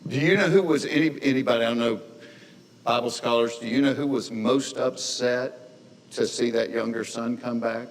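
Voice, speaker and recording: A man's voice: mid-range voice, fairly even intonation, normal speed, long reverb tail, poor audio. Folksy man telling a stage story. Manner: folksy, conversational, earnest. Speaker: stand-up comedian. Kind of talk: stand-up storytelling to a live audience.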